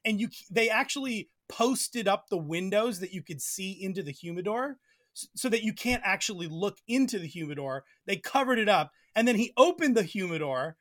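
A man's voice: sits high, expressive, normal speed, a bit bright. A man from Pennsylvania, a Bible teacher, guesting on a podcast and talking in a chatty, hesitant way with many fillers. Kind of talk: casual interview chat.

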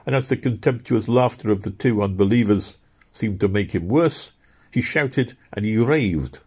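A man narrating an audiobook in a measured, expressive storytelling manner. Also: lowish voice, breathy edge.

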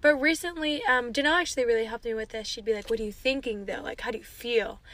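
High, bright young woman. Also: fast. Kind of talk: casual group chat.

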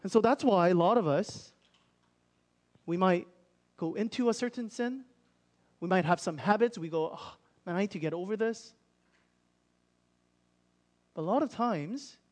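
Man, young adult, pastor, high voice, earnest conversational sermon. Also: darkish tone. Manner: earnest, conversational, acts out inner thoughts.

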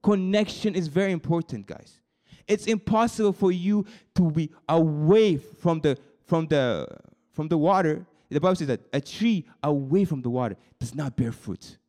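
Brief: young man, youth preacher, fairly high voice, moves between quiet confession and excited high-pitched bursts, repeats himself as he goes. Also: normal speed. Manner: swings from soft confiding to high excited bursts; repeats words and restarts mid-sentence. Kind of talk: sermon.

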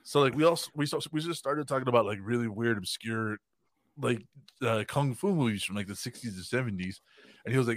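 A man's voice: medium pitch, brisk, dry recording, studio quality. Laughing, swearing man telling a story. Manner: swears freely, laughs often, acts out quoted voices. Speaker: podcast host telling a story. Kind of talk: casual storytelling chat.

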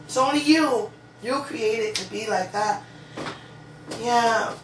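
A woman with a somewhat high voice chats slowly and lovingly to her partner, rambling and peppering her talk with "you know" and fervent praise. She sounds far from the mic in an echoey kitchen, with steady background noise underneath. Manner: fervently religious, gushing. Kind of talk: casual chat to a partner.

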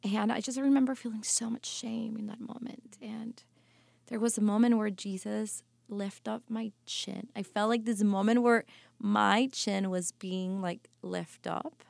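A woman's voice: mid-range voice, fairly even intonation, measured pace, vocal fry, a little mellow, dry recording. A woman guest on a podcast, telling a personal testimony earnestly and emotionally, often restarting her sentences. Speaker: podcast guest, life coach.

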